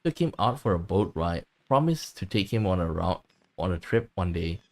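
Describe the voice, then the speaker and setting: A man's voice: low-pitched, sing-song, moderate pace, a little mellow. A man reading a bitter grieving mother. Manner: resentful, lashing out in grief. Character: grieving, bitter, possessive middle-aged mother. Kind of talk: reading game dialogue aloud.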